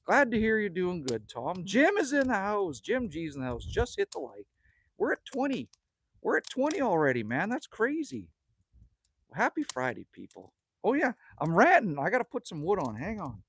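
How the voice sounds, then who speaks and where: A man's voice: high voice, huge pitch swings, moderate pace, slight background noise. A man from Manitoba, Canada, chatting casually on a livestream from a cabin, rambling, joking and reading chat messages aloud. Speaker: livestream host. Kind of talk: casual live-stream chat. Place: indoors at a cabin with a wood stove.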